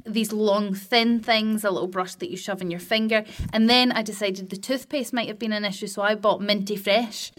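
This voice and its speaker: A woman's voice: mid-range voice, steady tone, normal speed, hardly any pauses. A woman hosting a casual podcast, telling chatty stories in a friendly way. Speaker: podcast host.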